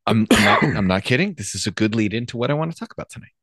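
A man's voice: on the low side, animated, racing, fairly bright tone, dry recording, studio quality. A man co-hosting a podcast, cracking profane jokes in casual chat. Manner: wisecracking, profane. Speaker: podcast co-host.

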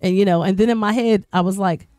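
A woman radio personality, guest-hosting a podcast, tells a personal story fast in a mid-range, darkish voice over soft background music. She's talkative, repeats words, restarts, and acts out quoted voices.

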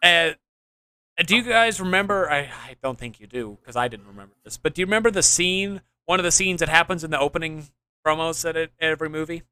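A man's voice: on the high side, fairly quick, sharp tone, clear, resonant tone. A young man hosting a casual gaming podcast, rambling and restarting as he explains his ideas with enthusiasm. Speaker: podcast host.

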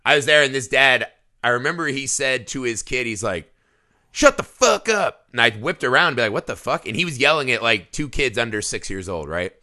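A man's voice: medium pitch, fast. A man and father co-hosting a casual movie chat, swearing freely and laughing as he tells stories. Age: adult father. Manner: profane, animated storytelling with laughs. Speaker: podcast co-host.

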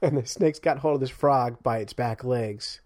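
A man co-hosting a podcast, telling stories in casual chat, animated and laughing often. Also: medium pitch, moderate pace, no echo, studio quality. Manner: animated storyteller, laughs often, acts out sounds. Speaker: podcast co-host.

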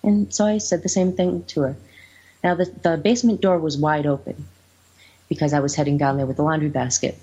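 Brief: low-voiced, husky woman, chatty anecdotes, dull lo-fi sound. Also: fairly even intonation, a little fast, warm tone. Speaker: house owner and guest. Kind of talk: casual storytelling. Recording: muffled lo-fi audio.

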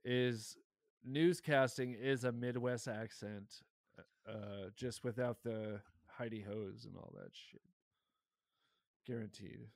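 A man with a Michigan accent, co-hosting a podcast in loose, excitable, profanity-heavy chat. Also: mid-range voice, takes it slowly, gravelly, no echo, clean studio sound. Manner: excitable, swears a lot, laughs often. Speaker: podcast co-host.

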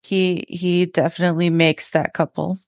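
A woman's voice: fairly low pitch, little pitch movement, moderate pace, a little mellow, no room sound, clean studio sound. Playful young woman co-host. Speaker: podcast co-host. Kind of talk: casual book chat.

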